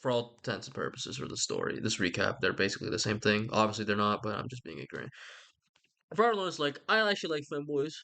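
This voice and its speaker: A man's voice: on the low side, very animated, quick pace, vocal fry, sharp tone. A young man giving a rambling, sarcastic comedic recap of a book, swearing casually and putting on voices for the characters.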